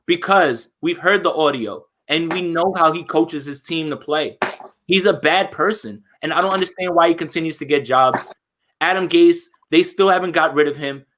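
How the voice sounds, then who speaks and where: A man co-hosting a casual football chat, animated and opinionated, with frequent restarts. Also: fairly high pitch, normal speed, background noise. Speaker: podcast co-host.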